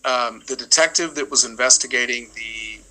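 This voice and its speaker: A man's voice: mid-range voice, moderate pace, bright, forceful tone, low-quality recording. A middle-aged male attorney speaking emphatically in a livestream interview, often repeating words as he builds his points. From United States.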